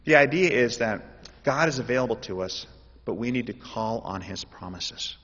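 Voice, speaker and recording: A man preaching a sermon in an animated way, building up to loud, emphatic calls. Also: medium pitch, normal speed. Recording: dull sound with long hall reverb.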